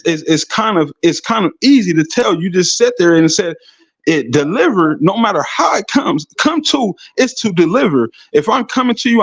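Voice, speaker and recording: A man's voice: a little high, no echo, lo-fi sound. A man in a heated debate who talks over others and repeats himself insistently. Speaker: debate participant.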